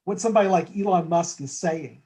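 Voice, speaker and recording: A man's voice: high-pitched, fairly quick, warm tone, rough recording. A man as a guest in a conversational market discussion, talking thoughtfully with frequent restarts and tag questions.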